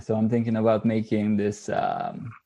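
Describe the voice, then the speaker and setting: A man with a Bulgarian accent chats as a podcast guest about his translation work. His voice is mellow and darkly toned, and he talks in a relaxed, wry way. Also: on the low side, normal speed, vocal fry, highs cut off. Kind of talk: casual podcast chat.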